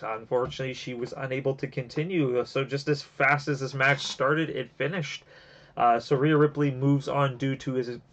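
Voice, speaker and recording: A man hosting a casual wrestling review show, rambling with lots of fillers and restarts, and getting emotional at times. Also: mid-range voice. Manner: gets emotional and teary. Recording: dull lo-fi home recording.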